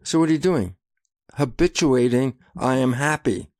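An older man, a guest in an interview, telling lively anecdotes and acting out the voices in them. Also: medium pitch, normal speed. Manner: animated storyteller who acts out voices and laughs at his own anecdotes. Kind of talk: casual interview storytelling.

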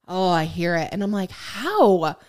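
A woman co-hosting a casual podcast, chatting and gossiping with a smooth, resonant voice. She talks loosely and swears without fuss. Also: mid-range voice, normal speed. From Michigan. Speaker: podcast co-host. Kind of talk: casual chat.

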